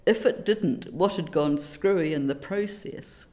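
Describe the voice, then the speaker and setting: A middle-aged woman from New Zealand talks about teaching in a relaxed interview. Her voice sits a little low, and she tells stories in an animated, self-deprecating way, often reaching for a quote or a saying. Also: unhurried. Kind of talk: reflective conversational interview.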